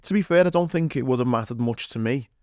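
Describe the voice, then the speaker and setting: A man's voice: medium pitch, fast talker, a little mellow, dry recording, clean studio sound. A man with a Liverpool accent, a podcast guest rambling through an anecdote with plenty of fillers. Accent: Liverpool (Scouse). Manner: rambling anecdotal telling with fillers and acted quotes. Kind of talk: casual storytelling chat.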